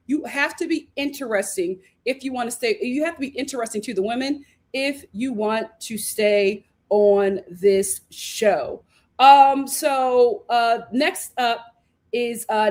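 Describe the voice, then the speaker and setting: A woman hosting a casual live recap of a reality show, talking animatedly and acting out the cast's lines. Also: high voice. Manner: animated, acts out quotes, laughs often. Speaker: host reviewing a reality show.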